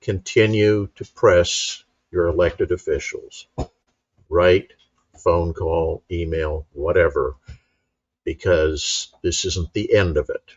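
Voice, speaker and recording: A man's voice: sits low, fairly even intonation, slow, no room sound. A man on a live-stream panel, earnest and urging, heard over a dull lo-fi mic. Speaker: panel guest. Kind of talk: casual live-stream chat.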